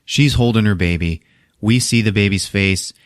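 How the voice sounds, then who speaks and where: A man's voice: lowish voice, normal speed, no room sound, clean studio sound. A man casually retelling a movie plot on a podcast, swearing freely and acting out the scenes. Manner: animated, profane storytelling. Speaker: podcast host.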